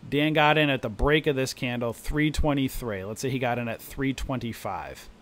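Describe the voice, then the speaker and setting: A man's voice: medium pitch, moderate pace, slight background noise. A man hosting a live stock trading stream, explaining charts and acting out panicking new traders. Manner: animated, acts out panicking traders. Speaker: trading room host. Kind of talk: live stream market commentary.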